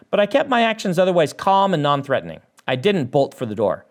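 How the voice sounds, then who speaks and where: A man reads his own novel aloud in first person. His voice is a little high and rises and falls a lot. He lifts it further whenever a character speaks. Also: brisk. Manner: animated reading that lifts the voice for dialogue. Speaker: author.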